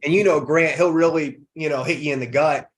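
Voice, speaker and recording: Energetic motivational male guest. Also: on the high side, fairly quick. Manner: energetic, motivational, rhetorical questions. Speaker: podcast guest. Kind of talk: motivational interview talk.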